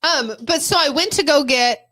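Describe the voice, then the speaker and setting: A woman from Arizona co-hosting a podcast, telling stories in animated, chatty banter. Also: high-pitched, normal speed. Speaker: podcast co-host. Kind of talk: casual chat.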